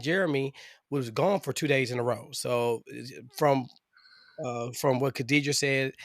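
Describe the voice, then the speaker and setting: A man at a middle pitch co-hosts a casual true-crime podcast. He rambles, restarts, and slips in asides as he walks through the facts. The sound is dry and close, with no room around him. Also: dry recording. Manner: rambling, full of fillers and restarts. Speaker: podcast co-host.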